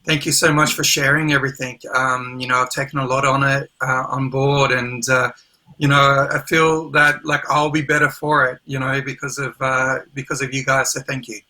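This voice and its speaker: Man, Australian accent, very bright forceful voice, grateful, video call. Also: mid-range voice, flat delivery, normal speed, poor audio. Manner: grateful, heartfelt. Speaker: panelist photographer. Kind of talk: livestream panel discussion.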